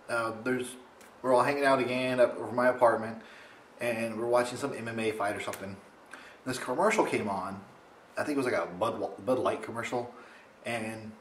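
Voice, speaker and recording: A young man casually telling a funny story to his camera at home, rambling and animated. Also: reverberant, a little hiss or hum. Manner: rambling, animated, mimics others in high voice. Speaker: vlogger. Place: home, indoors.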